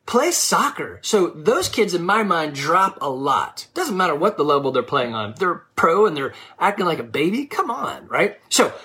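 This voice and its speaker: A woman's voice: on the low side, a bit bright. A woman who coaches youth sports, giving blunt, scolding advice to parents in a frank monologue.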